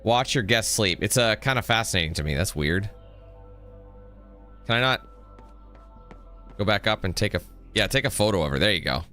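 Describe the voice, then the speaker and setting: A man's voice: lowish voice, expressive, moderate pace, long pauses, sharp tone. A man giving casual let's-play commentary, chatty and reading game text aloud. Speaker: gameplay streamer. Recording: voice over game audio with faint music.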